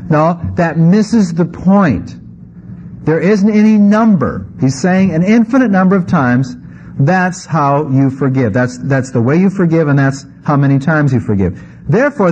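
A pastor preaching a conversational sermon, reading scripture and adding wry asides. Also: male voice, fairly high pitch, a little mellow. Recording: slightly muffled with faint background noise.

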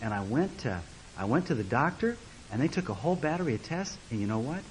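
A man voicing a quiet, earnest businessman who speaks in a hesitant, hushed little voice. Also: mid-range voice, sing-song, fast talker, slight background noise, voice pushed down, natural voice, poor audio. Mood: hushed, wondering. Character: quiet, earnest male businessman recovering from illness.

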